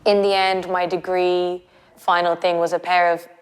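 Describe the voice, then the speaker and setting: A woman's voice: lowish voice, level tone, moderate pace, smooth. A woman with an Irish accent talking casually and reflectively about her work as a designer, often filling with "like" and "kind of". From Ireland. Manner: chatty, fills with "like" and "kind of". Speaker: fashion designer.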